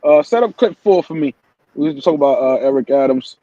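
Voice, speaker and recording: A man's voice: fairly high pitch, lively intonation, quick pace, no echo, narrow, tinny audio. A man hosting a casual live-stream morning show, ranting heatedly and swearing often. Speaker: host.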